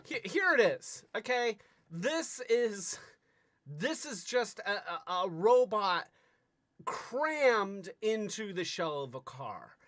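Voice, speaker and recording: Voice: mid-range voice, big pitch swings, slow, fairly bright tone, no room sound, clean studio sound. A livestream host casually reviewing toys, rambling with stammering restarts and playful asides. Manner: bursts into silly sing-song jingles.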